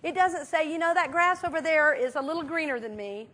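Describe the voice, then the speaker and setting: A woman minister giving a conversational sermon, telling stories in a chatty, animated way with many fillers. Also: high-pitched, brisk, a little hiss or hum. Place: church sanctuary.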